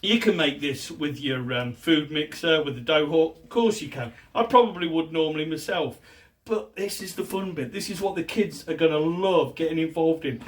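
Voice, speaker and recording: Middle-aged man, fairly high voice, jokey home-cooking demo, mic a bit far off with faint background noise. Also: normal speed. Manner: chatty, jokey, step-by-step instructions. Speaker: home cook presenter. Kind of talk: casual cooking demonstration.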